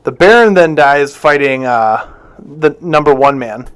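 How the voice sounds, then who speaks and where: A man talks about a movie on a podcast in a loose, casual way. He is chatty and jokey, and his voice sits somewhat high for a man. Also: a bit bright, clear, resonant tone. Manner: chatty, jokey, quick to laugh. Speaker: podcast co-host. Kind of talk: casual movie recap chat.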